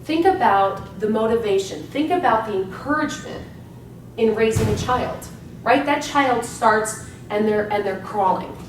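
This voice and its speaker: A woman delivering a live motivational seminar talk speaks in a slightly high voice with lively intonation, unhurried yet emphatic and energetic. She often checks in with the audience by asking "right?". A distant mic in an echoey room picks up a faint background hum.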